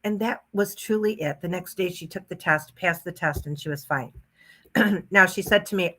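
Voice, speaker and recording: Bright-voiced chatty woman storyteller. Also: lowish voice, moderate pace. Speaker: guest, hypnotist and mentor. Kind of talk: casual podcast storytelling.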